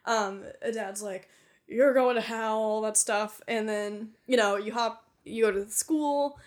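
A woman's voice: medium pitch, steady tone, measured pace. Giggly, swearing woman podcast host. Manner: giggly, swears freely, heavy use of "like". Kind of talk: casual chat.

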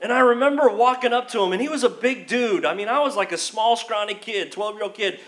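Pastor guy preaching, kinda high voice, goes quiet then gets all fired up. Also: a little fast. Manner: storytelling, swings from hushed to excited. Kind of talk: sermon. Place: church.

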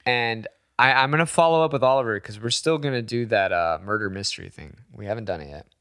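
A man's voice: mid-range voice, fast, fairly bright tone, clear, resonant tone. A man hosting a casual podcast chat, joking crudely with his guest. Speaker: podcast host.

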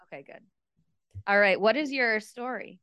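Relaxed woman podcast host, smooth voice. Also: fairly high pitch, normal speed, no room sound, dull audio. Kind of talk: casual podcast chat.

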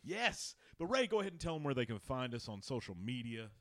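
A man's voice: mid-range voice, sing-song, fairly quick, a bit bright, no echo, studio quality. A man hosting a casual sports podcast, rambling, swearing and laughing as he talks. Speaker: podcast host.

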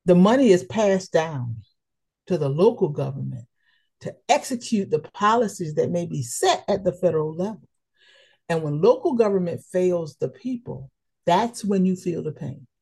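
This middle-aged woman from Prince George's County, Maryland, is a local official appearing as a guest on a casual podcast interview. Her voice is fairly low, creaky and husky, expressive at a normal speed. She praises the host warmly and emotionally, in a motherly way.

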